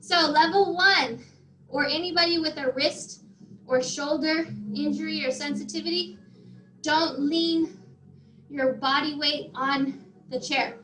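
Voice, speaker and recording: Breathless, high-voiced woman fitness instructor. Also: fairly even intonation, a little slow, fairly bright tone, roomy sound, poor audio. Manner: encouraging, counts down reps, talks while exercising. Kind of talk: live workout class instruction. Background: faint music.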